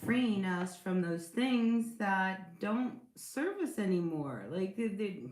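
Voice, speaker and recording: A woman chats through a tarot reading at a middle pitch, her voice bouncing around an echoey room. She talks loosely and reassuringly, with plenty of fillers and frequent "all right?" check-ins. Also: sing-song, takes it slowly, background noise. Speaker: tarot reader. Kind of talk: casual tarot reading for viewers.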